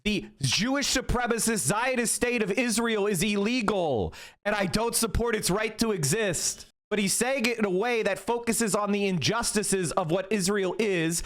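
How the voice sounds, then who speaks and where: A man's voice: high voice, normal speed, a bit bright. A man streaming live political commentary, heated and profane, berating his chat.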